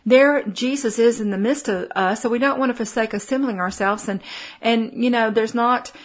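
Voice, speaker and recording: A woman's voice: fairly high pitch, moderate pace. A middle-aged woman with a Texan accent giving a folksy, conversational Bible teaching, full of fillers and restarts. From Texas. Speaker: preacher.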